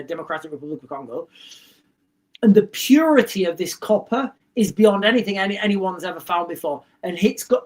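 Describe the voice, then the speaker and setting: Brief: male livestream host, casual chat reading viewer comments, blunt and rambling, voice on the high side.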